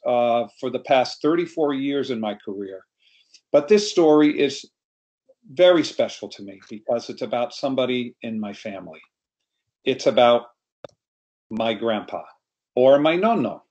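A man's voice: medium pitch, a little mellow, lo-fi sound. A middle-aged storyteller tells a family tale in an easy, anecdotal way. He speaks to a group over a video call, as he would to a live audience. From New York.

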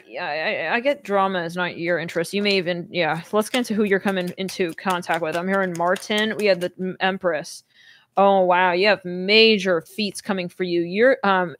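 A woman's voice: lowish voice, no room sound. Chatty woman reading tarot, dry sound. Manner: rambling, full of fillers and self-corrections. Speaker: tarot reader. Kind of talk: casual tarot reading to camera.

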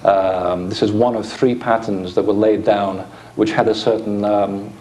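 A man's voice: lowish voice, level tone, unhurried, mellow. A man giving an informal conference lecture with slides, explaining with dry asides into a microphone in a lecture hall.

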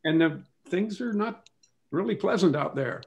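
A man from England gives advice on a business panel in an easy, conversational way. His voice is gravelly and sits a little high. He says "you know" often. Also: expressive, normal speed, darkish tone.

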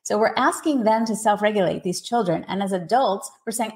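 A woman's voice: on the high side, a little fast, few pauses. Woman coach explaining steadily. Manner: steady, explanatory, frequent "you know" fillers. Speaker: autism parenting coach, guest. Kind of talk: podcast interview answers.

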